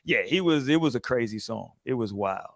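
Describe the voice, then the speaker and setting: A man's voice: mid-range voice, expressive, normal speed, gravelly, no echo. A young man on a casual podcast panel, telling a story with lots of acted-out quotes and profanity. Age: young adult.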